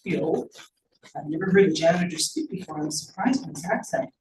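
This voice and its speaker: A woman's voice: fairly low pitch, animated, darkish tone. Woman reading her novel aloud. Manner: measured storytelling. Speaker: author. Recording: roomy, distant mic, faint noise.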